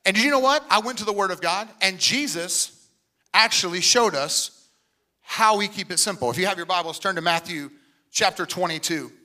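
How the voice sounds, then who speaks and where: Bright, high-voiced energetic male pastor. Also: normal speed. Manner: energetic, joking, quotes people in put-on voices. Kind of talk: sermon.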